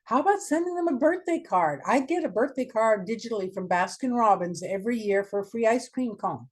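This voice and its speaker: A woman's voice: a little high, lively intonation, brisk. Emphatic woman giving a webinar talk. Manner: direct, emphatic, full of rhetorical questions. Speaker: marketing consultant, guest speaker. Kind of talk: webinar presentation.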